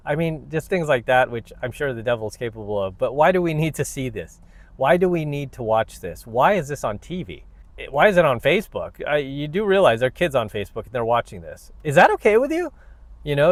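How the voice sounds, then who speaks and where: A man's voice: medium pitch, lively intonation, brisk. A man hosting his own channel, ranting to camera in a blunt, preachy, combative way. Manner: blunt, combative and preachy, many "you know what"s. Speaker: vlogger, self-help channel host.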